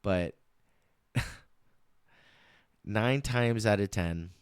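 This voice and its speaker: Hosting a political commentary show, a man speaks slowly in a smooth, clear, fairly low voice, rambling, restarting phrases and repeating words for emphasis. The recording is dry and close, with no room sound.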